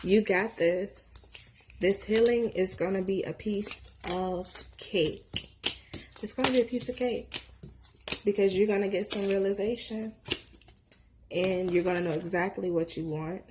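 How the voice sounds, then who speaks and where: Woman tarot reader, unhurried and encouraging, leans on repeated affirmations. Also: mid-range voice, steady tone, a little mellow, a little hiss or hum. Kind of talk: tarot reading for viewers.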